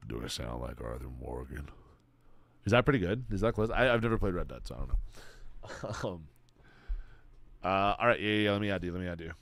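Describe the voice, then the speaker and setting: A man's voice: deep voice, expressive, a little fast, pauses often, no echo. Laid-back male streamer, dry sound. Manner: laid-back, chatty, swears casually. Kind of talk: casual livestream chat.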